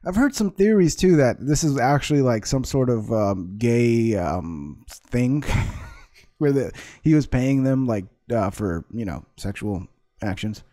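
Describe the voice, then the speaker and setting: A man's voice: mid-range voice, lively intonation, unhurried, warm tone, no echo, clean studio sound. A man hosting his own vlog, ranting with sarcasm and constant swearing as he reacts to clips. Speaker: vlog host. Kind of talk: profane ranting commentary.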